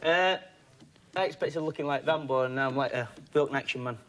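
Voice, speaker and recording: A man's voice: medium pitch, a little fast, a bit bright. A young man with a Sheffield accent, a contestant on a TV dating show, joking about himself. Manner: joking, self-deprecating.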